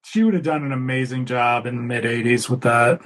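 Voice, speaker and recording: A man's voice: mid-range voice, fairly quick, fairly bright tone. A man co-hosting a casual movie commentary, rambling and chatty, swearing offhandedly. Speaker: podcast co-host.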